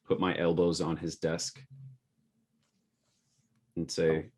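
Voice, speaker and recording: A man's voice: sits low, monotone, slow pace, darkish tone. A man playing his character in a tabletop game, speaking firmly and confrontationally. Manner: firm, confrontational. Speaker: player.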